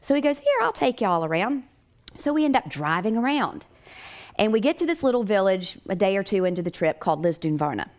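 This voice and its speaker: An American woman, a chiropractic doctor, telling a personal story in a lively way with frequent laughter. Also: medium pitch, fast.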